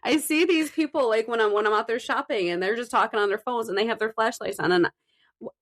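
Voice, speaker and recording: A woman co-hosting a podcast with a raspy morning voice, telling stories in a giggly, animated way. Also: fairly high pitch, fast, no echo, studio quality. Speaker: podcast co-host. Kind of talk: casual chat.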